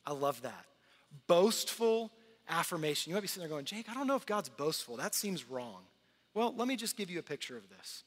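A man in his thirties preaching a sermon to his church in a conversational, earnest way, swinging from loud to hushed. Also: on the high side. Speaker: pastor. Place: large church hall. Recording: long hall reverb.

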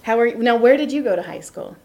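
A woman hosting a casual chat in a basement, telling lively stories, acting out the quotes and laughing often. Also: fairly high pitch, fast, lo-fi sound. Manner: animated storyteller acting out quotes. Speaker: podcast host. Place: basement room.

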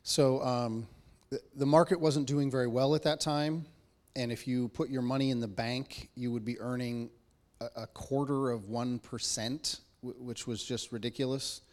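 A man telling a personal story in casual talk, unhurried and low-key. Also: steady tone, a little mellow.

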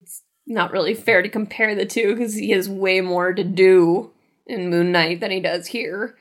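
A woman's voice: medium pitch, fairly even intonation, a little slow. A woman co-hosting a casual podcast about a horror film, blunt and opinionated, asking and answering her own questions. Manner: blunt, opinionated, talks through questions she answers herself. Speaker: podcast co-host. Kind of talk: casual film review chat.

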